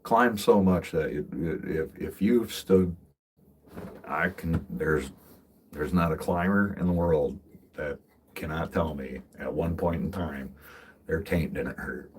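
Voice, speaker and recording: Here a tree climber streams live while driving his vehicle, wandering through casual talk, cursing and laughing a lot. He has a rumbling low, slightly mellow voice, speaks slowly, and the audio carries a little hiss or hum.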